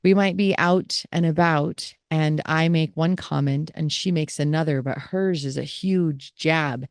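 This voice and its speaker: Woman host, reflective caregiver monologue, low gravelly voice, dry close sound. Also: unhurried, dry recording. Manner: candid, reflective storytelling. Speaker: podcast host and family caregiver.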